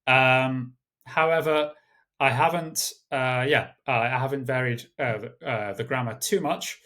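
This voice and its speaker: A man giving a recorded exam tutorial, speaking in a measured way with many uh and um fillers. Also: medium pitch, pushed and bright. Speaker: language tutor. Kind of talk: screen-share exam tutorial.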